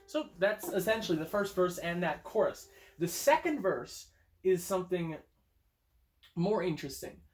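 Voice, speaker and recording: Recorded on a phone in a room at home, a young adult songwriter streams himself playing guitar and chatting casually. He thinks aloud with hesitant restarts, his voice sitting high and animated at a moderate pace.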